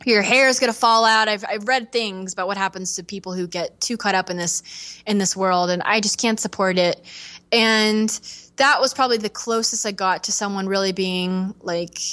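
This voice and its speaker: A young woman, a guest on a candid podcast interview, speaks earnestly and from the heart, animated and slipping into the voices of people she quotes. Her middling pitch has fairly even intonation, a moderate pace, and a fairly bright tone.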